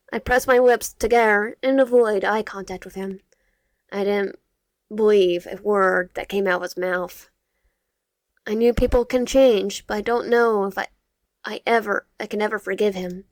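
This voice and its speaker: A young woman reading a visual novel game aloud with her own comments, halting and stumbling over words, correcting herself as she goes. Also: mid-range voice, fairly even intonation, no echo, studio quality.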